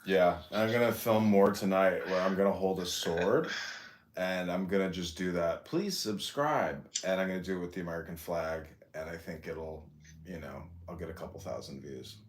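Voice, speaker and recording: A man hosting a casual podcast chat, deadpan, mumbling asides and clearing his throat often. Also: sits low, normal speed. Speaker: podcast host. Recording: echoey room with faint noise.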